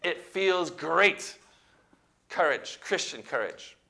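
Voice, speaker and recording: A male preacher delivering a sermon in a high, bright, forceful voice. He preaches emphatically, pushing up to loud exclamations, and has the congregation repeat words back to him. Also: expressive, takes it slowly, creaky.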